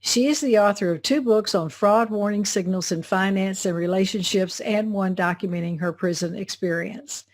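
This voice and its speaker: A woman with a Southern US accent, hosting a business show, reading a measured scripted introduction and then interviewing her guest. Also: medium pitch. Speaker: show host.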